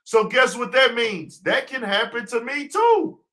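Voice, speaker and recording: A man's voice: very high voice, very animated, unhurried, bright, forceful tone. A man hosting a casual livestream talk show, preaching his point with rhetorical questions he answers himself. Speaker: podcast host.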